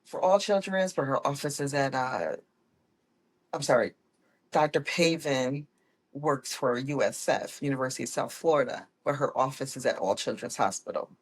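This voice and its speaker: A woman guest telling her personal story in a casual, lively way, often correcting herself as she goes. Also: very deep voice, moderate pace, slightly rough. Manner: animated, acts out quoted people with voice changes; laughs often, corrects herself mid-sentence. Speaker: guest, autism mom.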